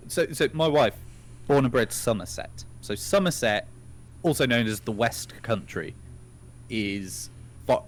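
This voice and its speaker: Chatty English man, low voice. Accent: standard southern English. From northern England. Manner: chatty, laughs often, swears casually. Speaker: podcast co-host. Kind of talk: casual chat.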